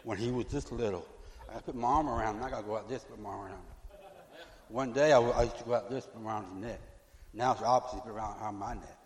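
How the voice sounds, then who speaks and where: A middle-aged man preaching a fervent sermon as pastor, repeating himself and swinging from loud to hushed. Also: lowish voice, quick pace. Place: church sanctuary. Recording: echoey church hall.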